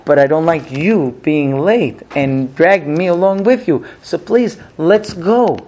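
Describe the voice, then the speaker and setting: A man's voice: on the high side, animated, unhurried, darkish tone, voice pushed up. A man voicing a harried, exasperated husband who pleads impatiently and grows frantic. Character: exasperated married man, hurried and cornered.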